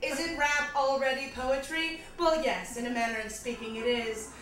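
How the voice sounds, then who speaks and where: A woman's voice: high voice, fairly even intonation, moderate pace, fairly bright tone. A woman with a mock British accent doing character stand-up comedy on a festival stage, grandiloquent and pompous, often laughing at her own lines. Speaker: comedian performing a one-woman show. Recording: echoey hall, distant mic.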